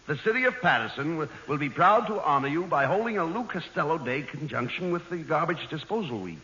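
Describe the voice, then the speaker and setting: A man playing the brisk, bossy straight man in a 1940s radio comedy. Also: a little high, lively intonation, pushed and bright, muffled recording. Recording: noisy old radio broadcast, roomy.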